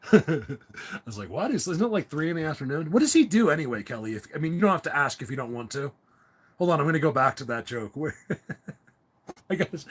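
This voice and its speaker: A man's voice: mid-range voice, fairly bright tone. A middle-aged man hosting a casual livestream chat, rambling and laughing often as he reads viewer comments. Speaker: livestream host.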